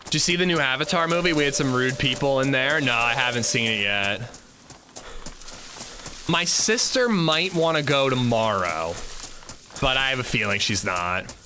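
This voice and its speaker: A man hosting a casual livestream, telling animated, profane stories while playing and chatting with viewers. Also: medium pitch, normal speed, slight background noise. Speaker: livestream host.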